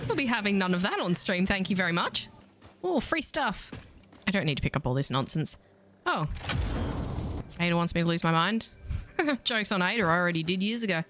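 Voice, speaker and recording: A woman's voice: on the low side, big pitch swings, brisk, long pauses, background noise. Chatty Australian woman streaming a game. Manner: chatty, self-mocking, playful. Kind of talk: casual let's-play commentary.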